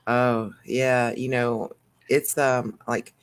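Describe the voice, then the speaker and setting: A woman's voice: very deep voice, little pitch movement, slow pace, clean tone. A woman hosting a casual coloring livestream from home, chatty with plenty of fillers, a little under the weather. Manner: chatty, lots of fillers and laughs. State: recovering from illness. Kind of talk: casual chat.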